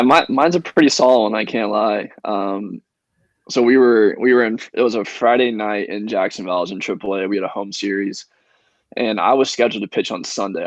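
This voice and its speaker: A young man from Indiana with a low, gravelly voice tells a long story on a podcast, loose and filled with ums. The sound is close and dry, a bit dull on the top end. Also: no room sound. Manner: relaxed, filler-heavy storytelling with many ums. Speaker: guest, professional baseball pitcher.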